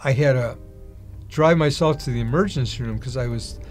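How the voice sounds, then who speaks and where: A man's voice: medium pitch, normal speed, darkish tone, soft background music. A middle-aged man giving a personal testimony, acting out the voices of people in his story. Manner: acts out quoted dialogue in other voices. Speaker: interviewee telling his testimony.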